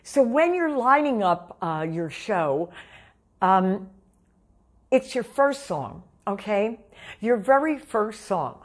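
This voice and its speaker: A woman's voice: mid-range voice, expressive, a little slow. A seasoned woman vocal coach giving emphatic, repetitive stage-performance advice straight to the viewer. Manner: emphatic, repeats key points, calls the listener honey. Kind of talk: direct-to-camera vocal coaching talk.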